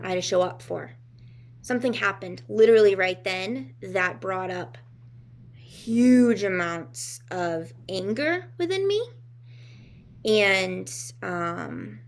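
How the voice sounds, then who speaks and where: A woman's voice: mid-range voice, creaky. A woman co-hosting a talk show, speaking in a casual, reflective way and often searching for words with fillers and restarts. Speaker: podcast co-host.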